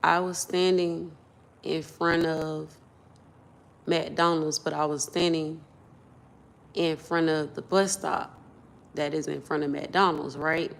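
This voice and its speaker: A young woman tells a personal story to her phone camera in a rambling, casual way. Her voice sits fairly low and she speaks slowly. She loops back and repeats key points as she goes. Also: fairly even intonation, creaky. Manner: rambling, repeats herself, builds up agitated; casual, loose grammar. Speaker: vlogger.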